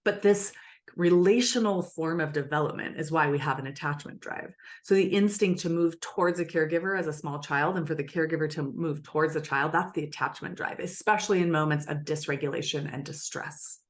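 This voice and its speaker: A woman with a fairly low voice talks through ideas in an earnest, teacherly way. She slips into short acted-out example lines as she explains. The delivery is relaxed interview conversation. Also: a little fast. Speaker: attachment expert guest.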